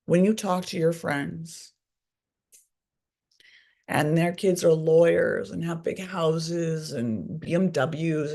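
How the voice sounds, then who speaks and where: This guest author, a middle-aged woman who advocates for recovery, shares her story with open, profane bluntness and plenty of swearing. Her pitch is fairly low, with vocal fry and a darkish tone.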